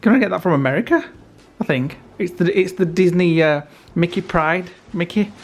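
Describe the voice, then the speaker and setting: A man co-hosting a home vlog in casual chat, excitable and teasing, quick to laugh. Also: high-pitched. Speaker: vlogger, co-host.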